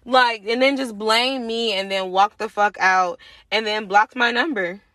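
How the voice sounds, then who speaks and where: A young woman hosting a podcast, telling a personal story in casual, profane, animated talk and acting out the other people's lines. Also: a little high, a little slow, no room sound. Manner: animated, profane, acts out quoted voices. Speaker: podcast host.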